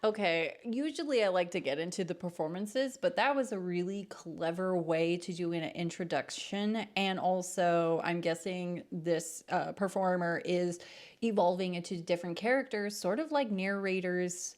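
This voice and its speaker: A woman's voice: on the low side, moderate pace, a little mellow. Bubbly woman hosting a reaction video. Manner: bubbly and chatty, laughs easily. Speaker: musical theatre coach and reaction host. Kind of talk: casual reaction commentary.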